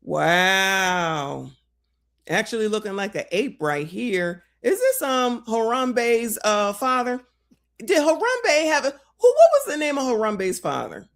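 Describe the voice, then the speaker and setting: A woman's voice: medium pitch, big pitch swings, slow pace. A woman hosting a casual call-in show, roasting the people in videos in a sassy way and saying "child" often. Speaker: host.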